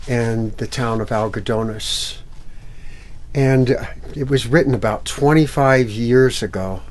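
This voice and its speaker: A man telling a fairy tale to children at a library event, acting out the characters and sound effects with lively energy. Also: mid-range voice. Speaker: musical storyteller. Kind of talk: storytelling for children.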